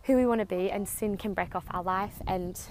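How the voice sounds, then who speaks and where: A woman's voice: mid-range voice, steady tone, brisk, darkish tone, a little hiss or hum. A young woman hosting a casual faith podcast. She rambles chattily with lots of fillers and sounds out of breath from walking outdoors on her driveway. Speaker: podcast host.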